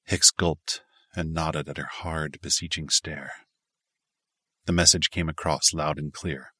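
Deep, bright-toned male audiobook narrator. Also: fairly even intonation, measured pace, breathy edge, dry recording, clean studio sound. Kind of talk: scripted narration.

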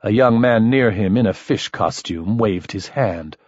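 A man narrating a first-person story in an expressive, lively manner. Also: on the low side, measured pace, no echo, dull audio. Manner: expressive, shifting voices for characters. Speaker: audiobook narrator.

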